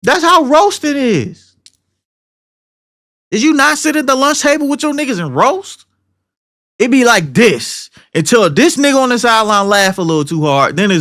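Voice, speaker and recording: High-voiced man ranting profanely. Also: very animated, moderate pace, fairly bright tone. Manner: heated, profane, rambling with slang. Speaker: podcast co-host. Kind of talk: casual podcast rant.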